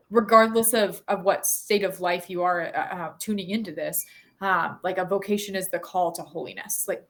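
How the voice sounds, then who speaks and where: A woman's voice: on the low side, a bit bright. Woman, 30s, podcast guest; earnest, reflective, filler-heavy delivery. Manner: earnest, thoughtful, frequent fillers and restarts. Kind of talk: conversational interview.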